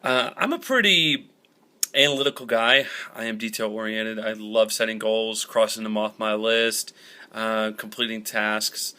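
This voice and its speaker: A man's voice: lowish voice, measured pace, pushed and bright. A young man giving an upbeat, conversational Bible lesson in a storytelling manner. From Southern United States. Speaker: Bible teacher.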